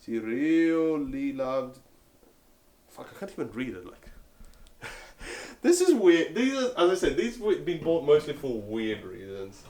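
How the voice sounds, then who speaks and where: Relaxed, amused man from Italy. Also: on the high side. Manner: relaxed and easily amused, talks in loose halting phrases. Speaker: collector being interviewed. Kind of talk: casual interview.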